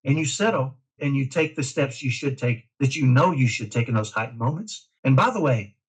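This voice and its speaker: A middle-aged man from Dallas, a parent guest talking in an emphatic, energetic way in a casual interview. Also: medium pitch, brisk, breathy edge, low-quality recording. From Dallas, Texas. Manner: energetic, emphatic, self-described type A.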